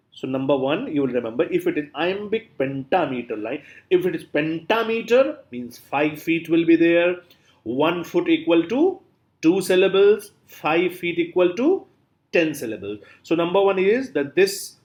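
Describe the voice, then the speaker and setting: A man giving a classroom lecture, repeating example words aloud with strong stress and often saying "you know" and "uh". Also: on the high side. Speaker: literature lecturer.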